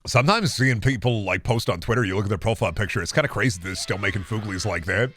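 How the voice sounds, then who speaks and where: A man's voice: lowish voice, quick pace, fairly bright tone, soft background music. Profane, rambling man in his thirties. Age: 30s. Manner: rambling and profane, with bursts of playful baby talk. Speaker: streamer. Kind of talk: casual live-stream chat. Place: home.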